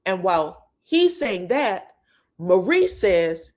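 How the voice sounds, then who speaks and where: A woman's voice: fairly high pitch, sing-song, takes it slowly. A woman hosting a casual reality TV gossip recap. She tells the story with animation, acts out what each cast member said, laughs often and swears freely.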